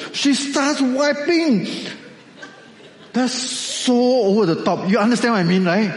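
Animated man preaching in an echoey hall. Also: fairly high pitch. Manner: animated storytelling with acted asides. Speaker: pastor. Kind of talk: sermon.

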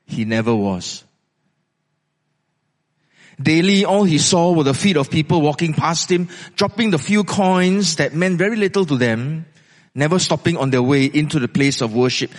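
A man delivers a sermon in storytelling mode, pausing dramatically and asking the listeners questions. His voice sits a little high and echoes with long reverb through a large hall. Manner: dramatic, varied pacing, rhetorical questions. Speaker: preacher.

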